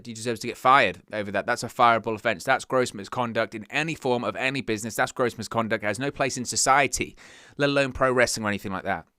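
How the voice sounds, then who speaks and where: A man's voice: medium pitch, bright, forceful tone, smooth, dry recording, clean studio sound. A young man hosting a wrestling news show, talking earnestly and stumbling over words when he gets worked up. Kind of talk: casual news commentary.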